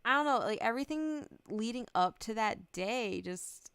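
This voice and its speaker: A woman's voice: a little high, lively intonation, normal speed, gravelly, fairly bright tone, clean tone, no room sound. A young adult woman streamer chatting casually, rambling, giggling often and swearing freely. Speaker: VTuber streamer.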